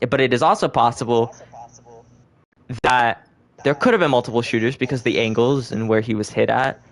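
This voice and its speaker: A man's voice: medium pitch, normal speed. Rambling, profane young man on a podcast. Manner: rambling, profane, self-correcting. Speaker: podcast host. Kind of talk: casual conspiracy chat.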